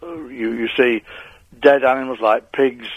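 A man's voice: mid-range voice, fairly even intonation, no room sound. An elderly man in his eighties phones in to a radio show, stumbling and restarting his words as he goes. His voice sits mid-range and comes through dry and a little muffled over the line. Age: 80s. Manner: halting, repeats words often. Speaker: caller. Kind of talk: phone-in chat.

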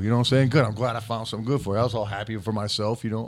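A man's voice: on the low side, steady tone, very fast. Rambling, profane man telling a story. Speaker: podcast host. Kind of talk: casual chat. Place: podcast studio.

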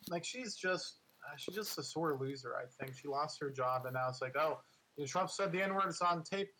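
A man's voice: fairly high pitch, normal speed, bright, forceful tone, a little hiss or hum, poor audio. A man co-hosting a podcast in casual political chat, rambling and full of filler words.

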